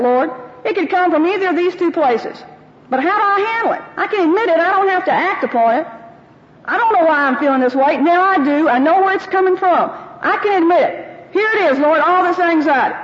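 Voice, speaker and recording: A middle-aged woman teaching a group of women about faith and anxiety, folksy and personal, acting out her own prayers. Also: high voice. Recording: dull, roomy hall sound.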